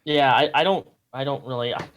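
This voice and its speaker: A man's voice: medium pitch, a little fast, a bit bright. A man hosting a casual live stream, talking in hesitant, stammering bursts and chuckling as he goes.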